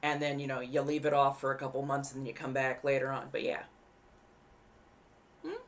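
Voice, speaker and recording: A woman's voice: extremely low pitch, level tone, fairly quick, a little hiss or hum. A woman hosting a live stream in casual chat, rambling easily and enunciating carefully around costume fangs. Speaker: livestream host.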